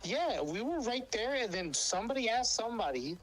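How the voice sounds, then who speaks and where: A man's voice: extremely high pitch, very animated, a little fast, rough recording. A man telling rambling stories as a co-host, with heavy swearing and many fillers and restarts. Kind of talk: casual storytelling chat.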